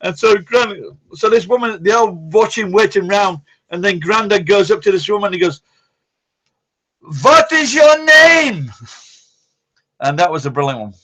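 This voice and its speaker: High-voiced, foul-mouthed man. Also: a little fast. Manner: rambling, blunt and heavily profane. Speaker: live-stream host answering chat. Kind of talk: casual live-stream chat.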